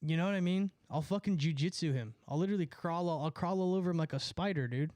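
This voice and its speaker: Young male streamer, slightly high voice, profane rambling storyteller, dry close sound. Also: fast, darkish tone, dry recording. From California. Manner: profane, rambling, laughs at own stories. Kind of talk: casual storytelling chat.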